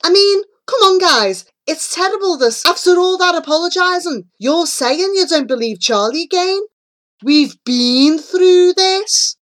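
A woman voicing a loud, excitable and slightly dim schoolboy in a children's audiobook. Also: sits high, slow, voice pushed up, full character voice. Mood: excited. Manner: loud and blurting.

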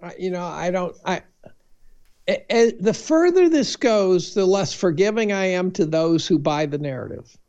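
A man who is a chemistry professor, speaking as a podcast guest in a thoughtful, halting way with frequent restarts. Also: high voice, expressive, darkish tone, clear, resonant tone. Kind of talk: interview conversation. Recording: dull lo-fi remote audio.

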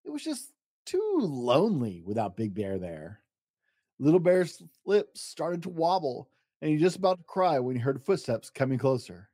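A man hosting a storytime show, reading a children's picture book aloud with dramatic pauses. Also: no echo, clean studio sound. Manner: expressive, dramatic pauses, lively pitch. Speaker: storytime podcast host and reader. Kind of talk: bedtime story read-aloud.

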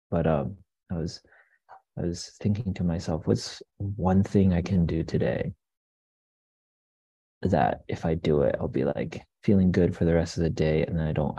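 Low, dark-voiced young man. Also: creaky, slightly rough, no echo, muffled recording. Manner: relaxed, rambling with many fillers and restarts. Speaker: guest, coffee business owner. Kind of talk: casual interview storytelling.

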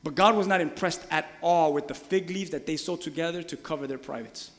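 A man preaching a sermon, animated, acting out voices and shouting the quoted lines. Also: fairly high pitch, fairly quick. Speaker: pastor. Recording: long reverb of a large hall.

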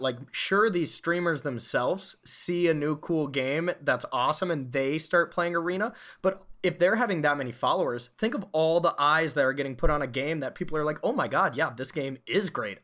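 A man on a gaming podcast panel chatting casually and adding quick joking asides. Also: on the high side, pushed and bright.

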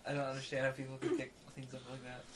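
A man in casual chat among friends who throws in quick, wry questions. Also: medium pitch, completely flat delivery, over a noisy crowd.

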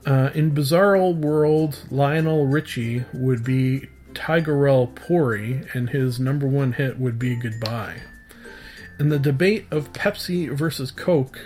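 Podcast host doing solo standup, male, mid-pitched, deadpan, halting, a little music underneath. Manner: halting, many "uh" restarts, chuckles at own jokes. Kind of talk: deadpan one-liner standup.

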